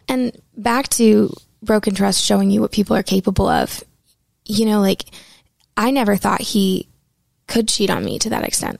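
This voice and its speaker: A young woman tells a personal story in a loose, candid way, swearing freely. She slips into the voices of the people she quotes. Her voice has a gravelly fry and sits close and dry. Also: mid-range voice, darkish tone, no echo. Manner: candid and profane, acts out quoted dialogue.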